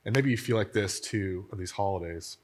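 A man preaching a sermon in a church, telling a story in an animated, conversational way. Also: fairly low pitch, brisk. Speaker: pastor. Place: church hall.

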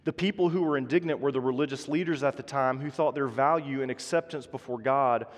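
A man's voice: mid-range voice, a little fast. Earnest male pastor in a reverberant hall. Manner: earnest, rising to emphatic, then dropping soft. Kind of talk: sermon. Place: church sanctuary. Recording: long reverb of a large hall.

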